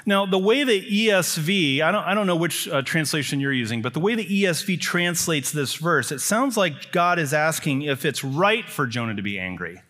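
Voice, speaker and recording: A man's voice: fairly high pitch, lively intonation, moderate pace, hardly any pauses, bright, forceful tone. A man preaching a sermon, emphatic, building his points with repeated phrases.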